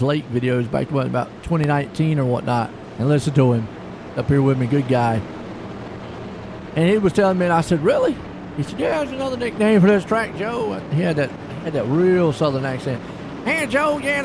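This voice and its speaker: A man giving live play-by-play on a sim race, folksy and excitable, chatting with viewers between calls. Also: mid-range voice. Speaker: sim racing commentator. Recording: noisy stream with car engine sound.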